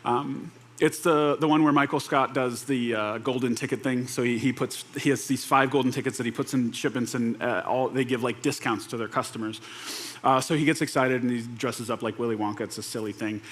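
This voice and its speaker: A young man preaching a conversational sermon, animated and relaxed, slipping into quoted voices and laughing now and then. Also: medium pitch, fairly quick. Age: young adult. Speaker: pastor.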